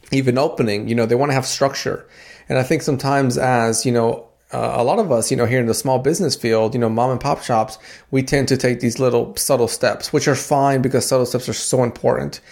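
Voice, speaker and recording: A man in his thirties hosts a podcast in a casual storytelling way. He talks at a middle pitch with a gravelly edge. He keeps restarting and filling pauses as he goes. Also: darkish tone. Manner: chatty, many fillers and restarts, laughs at himself. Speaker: podcast host.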